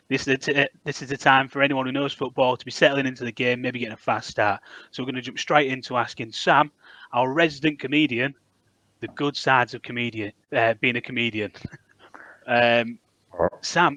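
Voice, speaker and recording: A man's voice: mid-range voice, sharp tone, dry recording. A man with a Hull accent hosting a casual podcast, chatty and laddish. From Hull, England. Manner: chatty, swearing, laughing with guests. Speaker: podcast host.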